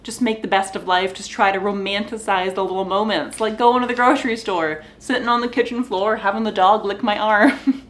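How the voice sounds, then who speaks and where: A woman's voice: medium pitch, steady tone, brisk. A young woman vlogger in casual, rambling chat to the camera from her kitchen floor at home, sighing now and then. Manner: rambling, sighing and laughing, talking to her dogs.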